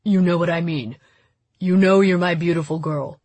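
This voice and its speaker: A calm middle-aged father, read by a woman narrator in an audiobook, speaking softly and steadily with a reassuring, measured manner. The voice sits fairly low and sounds close and dry. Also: no room sound, close to an everyday voice. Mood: gentle. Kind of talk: audiobook character voice.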